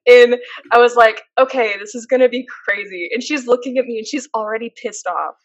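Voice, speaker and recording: A woman's voice: on the high side, fairly quick, no room sound, highs cut off. A woman co-hosting a podcast, chatting casually and telling stories with lots of fillers. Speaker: podcast co-host. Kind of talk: casual chat.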